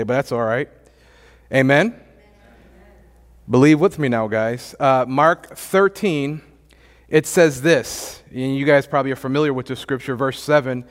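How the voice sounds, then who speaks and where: A man's voice: fairly high pitch, big-room sound. A man preaching a sermon as pastor, emphatic and repetitive, often asking the congregation for an amen. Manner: emphatic, repeats phrases, asks the congregation "amen?". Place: church.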